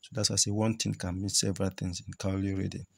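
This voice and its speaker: A man's voice: deep voice, little pitch movement, fast talker, creaky. A man teaching cowrie shell reading, explaining with repetition as he points out each shell. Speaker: spiritual teacher.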